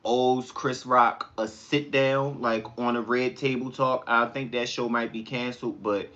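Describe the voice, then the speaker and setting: A man hosting a casual livestream, chatting with viewers and telling stories in a slangy, animated way. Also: medium pitch, dull audio. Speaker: livestream host. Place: home kitchen.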